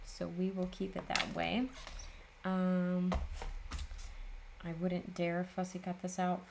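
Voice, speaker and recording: Gravelly-voiced woman chatting while crafting. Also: fairly low pitch, monotone, takes it slowly, long pauses, background noise. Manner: chatty, self-mocking, laughs often. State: tired. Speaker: papercraft video host. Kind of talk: casual chat while crafting.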